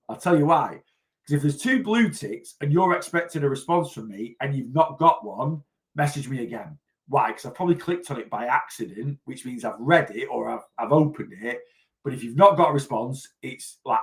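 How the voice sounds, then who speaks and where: A man's voice: on the high side, a bit bright. A man, a weight loss coach chatting casually on a livestream, rambling and answering viewer comments as he goes. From North West England.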